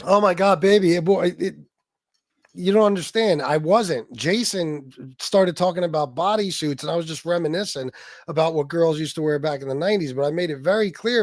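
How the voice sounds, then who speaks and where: In a studio-quality recording with no echo, a man in his forties rambles and jokes through a casual livestream, cursing plenty and stammering when flustered. His voice sits on the high side with a darkish tone.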